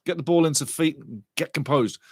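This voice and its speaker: A man hosting a live football watchalong, giving rambling, chatty match commentary and shouting out to viewers in the chat. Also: a little high, a little fast, husky, no echo. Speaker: watchalong host.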